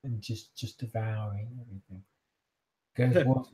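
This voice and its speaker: A man narrating a tabletop role-playing game as game master, pausing and searching for words as he goes. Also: mid-range voice, mellow.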